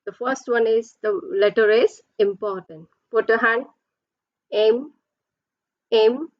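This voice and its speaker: A woman's voice: on the high side, fairly even intonation, normal speed, no echo, lo-fi sound. A woman teacher giving a pronunciation lesson, explaining patiently step by step and drawing out her example words.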